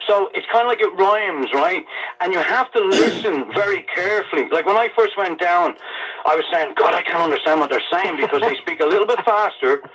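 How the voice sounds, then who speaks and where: A man with a Dublin Irish accent calling into a radio talk show, speaking slowly and emphatically. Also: high-pitched, a bit bright, a little hiss or hum, low-quality recording. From Ireland. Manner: talks slowly on purpose, emphatic, chatty. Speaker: caller. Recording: call heard over AM radio.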